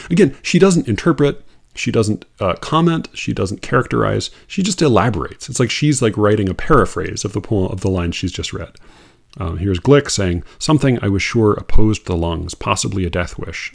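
A man's voice: lowish voice, gravelly. A man reading out a poetry review and mocking it in an incredulous, exasperated monologue, with laughing asides. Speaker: poetry critic.

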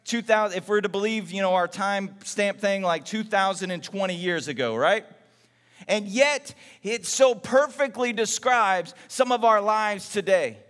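A man from Texas preaching a sermon in a conversational, animated way, acting out everyday voices. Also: high-pitched, measured pace, big-room sound. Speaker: pastor.

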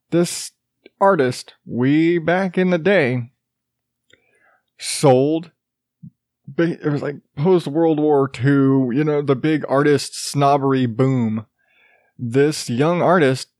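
A man's voice: on the high side, dry recording, studio quality. A middle-aged man hosting a show, ranting crudely in casual monologue and laughing at his own jokes. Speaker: podcast host.

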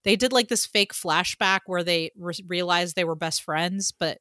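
A woman's voice: fairly low pitch, moderate pace, pushed and bright, dry recording, studio quality. A woman co-hosting a casual podcast, chatting and acting out her own reactions in quotes. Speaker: podcast co-host. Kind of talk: casual chat recapping a TV finale.

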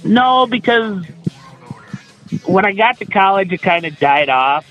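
A man's voice: sits high, expressive, measured pace, muffled recording, soft background music. A man chatting on a casual podcast, joking at his own expense. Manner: chatty, self-mocking humor.

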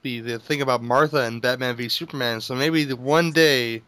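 A man co-hosting a casual film commentary podcast, joking and teasing the others with quick comic riffs. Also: mid-range voice, steady tone, fairly bright tone, clean tone, dry recording. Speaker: podcast co-host.

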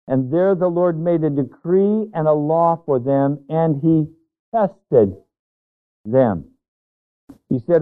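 A man pastor preaching a sermon with emphasis, stretching out key words. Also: on the high side. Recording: tinny, phone-like narrow sound.

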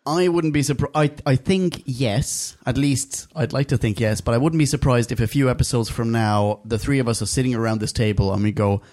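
A man's voice: mid-range voice, brisk, hardly any pauses, a little mellow. A man co-hosting a podcast in casual chat, laughing often and restarting his sentences. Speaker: podcast co-host.

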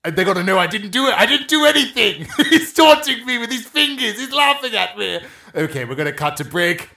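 A man's voice: high-pitched, big pitch swings, brisk, creaky, pushed and bright, roomy sound. A man hosting a talk show sketch with playful improv banter. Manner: playful, crude, laughing.

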